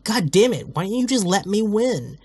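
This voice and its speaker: A sulky young warrior monk whines with indignation about being cheated, as a man puts him on. His voice sits a touch high and does not let his grievance go. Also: sing-song, moderate pace, a little mellow, slightly rough, exaggerated voice. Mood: petulant. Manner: whiny, indignant complaining. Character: resentful young male warrior monk, sulking.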